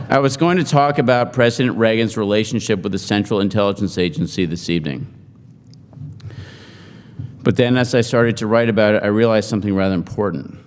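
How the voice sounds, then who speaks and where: A middle-aged man giving a humorous after-dinner speech, joking in a deadpan, self-mocking way to an audience in a large hall. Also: on the low side, normal speed, pauses often, a little hiss or hum. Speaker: speaker at a forum. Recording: hall reverb.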